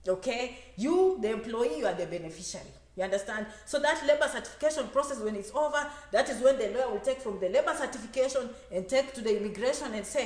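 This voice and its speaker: High-pitched woman talking immigration, super animated, repeats stuff a lot, echoey room. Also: quick pace, few pauses. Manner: animated, acts out quoted voices, repeats phrases for emphasis. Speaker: immigration advisor and speaker. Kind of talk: lively motivational talk to an audience.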